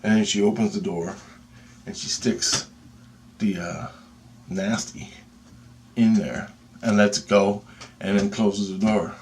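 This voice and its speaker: A man telling a personal story in a casual, excitable and profane way, with pauses and restarts. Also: on the low side, a little hiss or hum.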